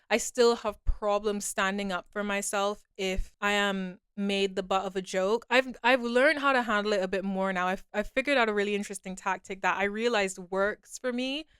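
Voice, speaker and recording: Young woman podcasting solo, smooth clear voice, super dry close mic, candid and confessional. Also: mid-range voice, a bit bright, no room sound. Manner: candid, confessional, repeats herself. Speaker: podcast host. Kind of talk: personal podcast monologue.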